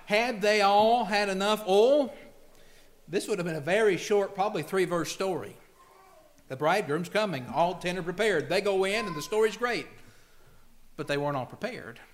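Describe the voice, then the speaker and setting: Male preacher with a high voice, lively and dramatic in the pulpit. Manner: animated, acts out pleading voices and quotes scripture. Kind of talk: sermon.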